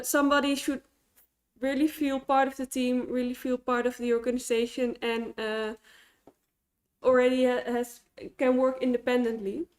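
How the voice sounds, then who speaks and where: A woman with a notably high voice presenting at a tech meetup. She explains her points step by step, often breaking off words and restarting. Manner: explanatory, frequent fillers and false starts. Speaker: conference speaker. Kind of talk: conference talk.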